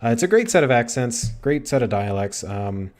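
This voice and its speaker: A man's voice: mid-range voice, sing-song, moderate pace, darkish tone. A man hosting a livestream interview, chatty and self-deprecating with playful asides. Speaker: livestream host. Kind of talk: casual interview chat.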